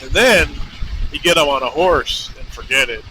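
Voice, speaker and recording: A man rambles and swears as he rides down a highway, often poking fun at himself. His voice sits a touch high. The helmet mic picks up loud road and wind noise. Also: moderate pace, poor audio. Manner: rambling, profane, self-mocking. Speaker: vlogger. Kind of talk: casual monologue while riding. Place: on a motorcycle on a highway.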